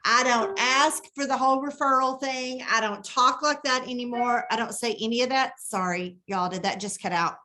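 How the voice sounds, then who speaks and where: A woman giving a chatty, animated live training talk on her phone, thinking aloud as she types. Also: on the high side, normal speed, hardly any pauses. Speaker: direct sales team leader.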